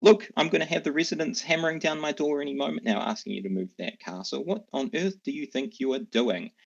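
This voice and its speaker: A man putting on a bossy lady mayor for a tabletop game, shrill and indignant, her voice pushed up high over a gravelly base. The recording sounds dull and lo-fi. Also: brisk. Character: fussy scolding woman town mayor in curlers. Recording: dull lo-fi mic.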